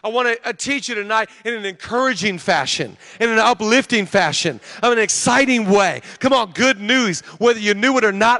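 A man in his thirties preaching a sermon, chatting with the crowd and building to loud preaching in a church. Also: sits high, brisk, hardly any pauses. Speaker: pastor. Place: large church hall. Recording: long hall reverb.

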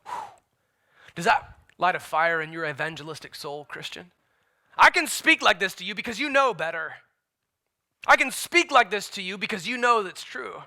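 A man preaching a sermon as pastor, emphatic, swinging between loud declarations and hushed asides. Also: high-pitched, expressive, moderate pace, vocal fry, pauses often.

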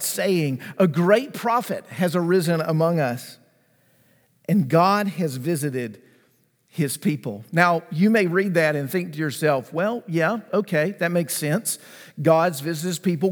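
A man preaching a sermon, with emphatic delivery that swings from hushed to rising and repeats key phrases. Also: on the high side. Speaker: pastor. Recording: long reverb of a large hall.

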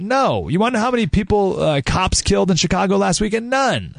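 A man's voice: high voice, big pitch swings, fast, gravelly, hardly any pauses, no echo, studio quality. Emphatic ranting male radio host. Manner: ranting, emphatic, with restarts and asides. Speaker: radio talk show host. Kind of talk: opinionated radio monologue. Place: radio studio. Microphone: studio microphone.

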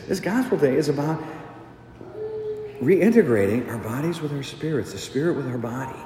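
A man's voice: a little high, slight background noise. Man preaching animatedly in echoey church. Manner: conversational, animated preaching with asides and questions to the congregation. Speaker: pastor. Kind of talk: sermon. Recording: echoey church, long reverb, faint ambience.

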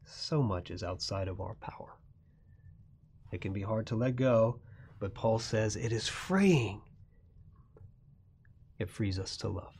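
A man preaching a sermon who moves between quiet, dropping phrases and loud, emphatic lines. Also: expressive, slow, gravelly, pauses often, slightly rough. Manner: swings from soft, low asides to loud, rising emphasis. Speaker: pastor.

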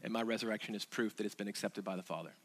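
A man's voice: lowish voice, very fast. A man preaching a sermon as pastor, earnest, asking the congregation rhetorical questions, with fillers and restarts.

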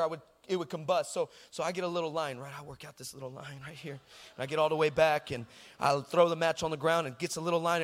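A high-pitched man preaches in a large hall, speaking with a Texan accent. The pastor is animated as he tells a comic story in his sermon, shouting at the punchlines and dropping conversational asides that ask the congregation if they're following him.

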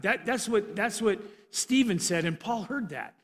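A male preacher retelling a Bible story in an animated sermon, often restarting his sentences, in a church. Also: high voice, normal speed, hardly any pauses. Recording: reverberant hall.

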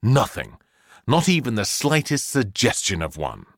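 A man narrating a children's story aloud with an expressive, theatrical delivery. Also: mid-range voice, unhurried, no room sound, studio quality.

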